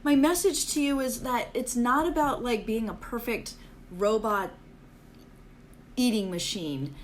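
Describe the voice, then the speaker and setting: A woman's voice: fairly high pitch, measured pace, slight background noise. Chatty Valley-girl-style woman. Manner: self-deprecating, chatty and upbeat. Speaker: livestream host. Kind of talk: casual live chat with viewers.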